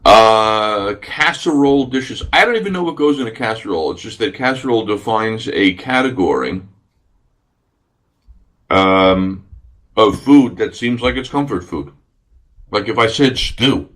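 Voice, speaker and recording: A man's voice: on the low side, lively intonation, measured pace, a bit bright. A man hosting a radio podcast, chatting casually and enthusiastically, rambling with many fillers. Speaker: radio host. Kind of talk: casual solo podcast talk.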